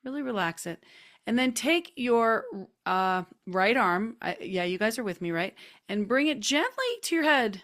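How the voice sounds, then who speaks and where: A woman hosting a group video call, chatty and gently coaxing as she guides a neck stretch with soft, drawn-out cues. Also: fairly high pitch, animated. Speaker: host leading a group session. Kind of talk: casual guided stretching instruction. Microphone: computer mic on a video call.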